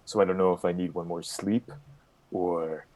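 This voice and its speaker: A man playing in a tabletop game, speaking hesitantly and often trailing off in a hushed tone. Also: low-pitched, steady tone, moderate pace, poor audio. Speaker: player. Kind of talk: in-character tabletop roleplay.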